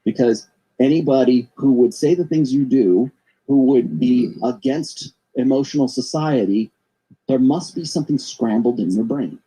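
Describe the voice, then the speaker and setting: A man's voice: mid-range voice, normal speed, warm tone, slightly rough, rough recording. A middle-aged man hosting his own show, talking in a rambling monologue that often repeats and restarts words. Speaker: show host. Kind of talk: casual monologue commentary.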